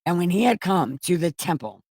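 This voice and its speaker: A woman's voice: lowish voice, expressive, brisk, gravelly, darkish tone, breathy edge, no echo, clean studio sound. A woman reading scripture aloud for comedy, breaking off into profane, mocking asides and interrupting herself as she goes. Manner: loose, self-interrupting delivery. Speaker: comedic Bible reader. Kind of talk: irreverent scripture reading with commentary.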